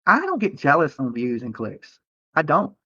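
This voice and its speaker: A man's voice: fairly high pitch, wildly swooping pitch, normal speed, bright, forceful tone, breathy edge, no room sound, muffled recording. A man streaming live from a roadside near a protest, talking to viewers in a profane, rambling and defensive way, often tacking on "okay?". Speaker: livestreamer. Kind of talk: livestream rant to viewers.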